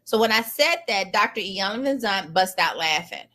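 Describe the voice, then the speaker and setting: A middle-aged woman, a lawyer telling a personal story in an animated, emphatic, colloquial way. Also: mid-range voice, normal speed.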